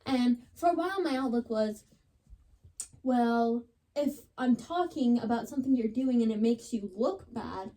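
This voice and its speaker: A woman's voice: a little high, expressive, unhurried, warm tone. A young woman on a podcast, chatting casually and dramatically retelling a story, with lots of "like.". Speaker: podcast co-host.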